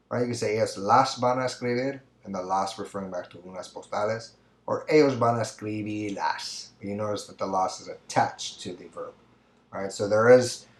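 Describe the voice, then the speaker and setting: A man's voice: on the low side, echoey room. A man teaching a Spanish grammar lesson in English, explaining step by step and often checking in with "right?".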